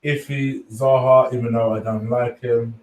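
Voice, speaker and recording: A man hosting a casual fan live stream, reading chat, swearing freely and giving shout-outs to viewers. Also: medium pitch, fairly even intonation, normal speed, recorded from a distance. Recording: echoey room, voice off-mic at times.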